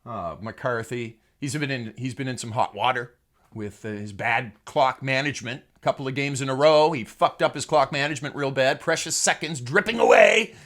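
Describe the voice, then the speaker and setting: A man's voice: medium pitch, moderate pace, fairly bright tone. A man hosting a comedic sports monologue, crude and sarcastic, who swears freely and chuckles at his own jokes. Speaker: host.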